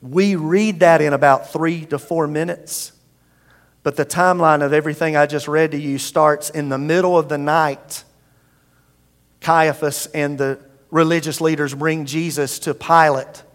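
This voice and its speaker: A man's voice: fairly high pitch, fairly even intonation, unhurried, long reverb tail. A man preaching a sermon, reading scripture expressively and then explaining it in a loose, conversational way. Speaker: pastor.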